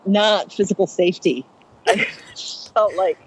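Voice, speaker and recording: A woman comedian telling a funny story on a podcast, chatty and animated, acting out the voices of the people in it. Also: mid-range voice, a little slow, breathy edge, poor audio. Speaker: stand-up comedian and rideshare driver.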